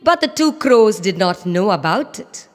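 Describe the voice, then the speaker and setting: A woman narrating children's animal stories in a slow, very expressive, sing-song way. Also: mid-range voice. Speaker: storyteller. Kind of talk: scripted children's story narration. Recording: echoey reverb.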